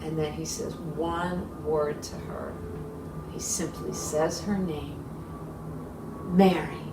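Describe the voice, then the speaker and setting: A woman leading children's worship, telling a Bible story with big expressive swings, recorded in a roomy space from a distance. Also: low voice, slow pace. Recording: echoey room, distant mic, faint hiss.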